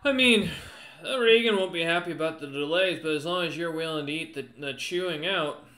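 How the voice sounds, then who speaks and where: A man voicing an exhausted, overworked male quartermaster who talks in a brisk, weary way, a little louder and higher than his narration. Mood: curt.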